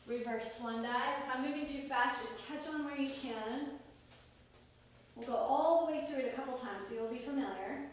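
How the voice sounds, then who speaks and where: A woman leading a yoga class, calmly cueing each pose in time with the breath. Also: high-pitched, normal speed. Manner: calm breath-paced cueing. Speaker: yoga instructor. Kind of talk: guided yoga class instruction. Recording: roomy echo, distant mic, faint noise.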